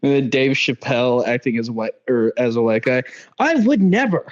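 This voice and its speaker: A man's voice: mid-range voice, little pitch movement, brisk. A young man co-hosting a podcast, laid-back and self-mocking, often laughing at his own remarks. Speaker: podcast co-host. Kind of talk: casual podcast banter. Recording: dull lo-fi sound.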